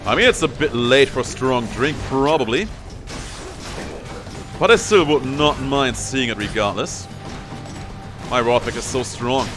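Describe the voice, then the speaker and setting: A man's voice: mid-range voice, expressive, a little slow, pauses often, over music. A young man giving casual commentary on his own gameplay, playfully taunting enemies as he goes. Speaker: gameplay streamer.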